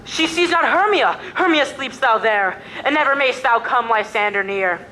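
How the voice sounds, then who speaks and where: A woman's voice: fairly high pitch, expressive, normal speed, bright, forceful tone. A young woman playing an ardent young male lover in a school stage play, declaiming verse earnestly. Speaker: student actor.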